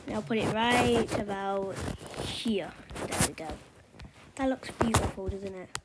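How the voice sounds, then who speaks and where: A woman's voice: mid-range voice, fairly even intonation, measured pace, heavy background noise. A woman casually narrating a map scenario, rambling with lots of fillers and offhand remarks. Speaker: map video creator. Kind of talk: casual commentary over a map.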